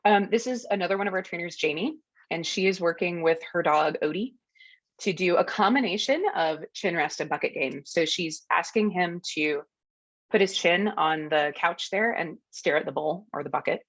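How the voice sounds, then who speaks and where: In a dry recording, a woman with a fairly low voice speaks at normal speed while running an educational dog-training workshop. She explains the video clips in a friendly, casual manner, with ums and laughter along the way.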